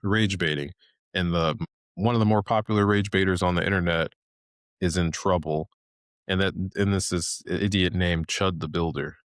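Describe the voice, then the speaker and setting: A man's voice: low voice, fairly even intonation, moderate pace, no room sound, clean studio sound. A man in his thirties hosting a podcast, ranting casually in a loose, rambling way full of fillers and restarts. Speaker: podcast host.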